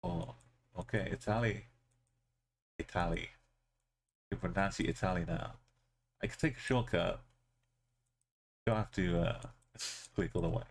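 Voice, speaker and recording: A man streams live game commentary, thinking out loud as he plays. His voice sits low and carries a gravelly fry. He talks at a slow, easy pace, drifting into fillers and half-finished thoughts. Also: very animated. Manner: thinking aloud, musing with trailing fillers.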